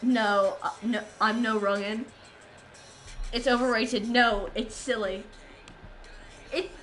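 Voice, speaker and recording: An Australian woman streamer talks playfully to her chat while gaming, her voice a touch high and congested from a blocked nose. Faint game music runs softly behind her. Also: poor audio. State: stuffed-up nose from a cold.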